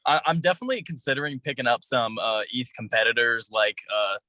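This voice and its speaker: A man's voice: mid-range voice, expressive, fast talker, bright, forceful tone, no room sound. A young man, a student, chatting casually on a call, with a lot of "like" in his speech. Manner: casual, lots of "like". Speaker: student participant. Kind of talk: casual chat.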